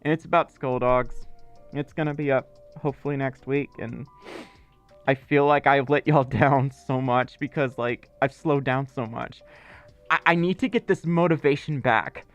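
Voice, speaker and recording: A man hosts a casual livestream, rambling and chatting loosely while reading viewer messages aloud, full of fillers and asides. His medium-pitched voice moves at normal speed, with lo-fi sound and faint background music.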